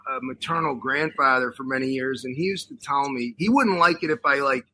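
A man's voice: medium pitch, brisk, sharp tone, slight background noise, rough recording. A man chatting on a radio show, wisecracking and self-mocking. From Chicago. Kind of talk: joking casual chat.

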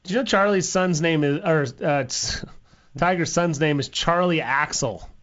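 A man on a golf broadcast, chatting casually with wry, deadpan jokes. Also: on the high side, moderate pace, muffled recording.

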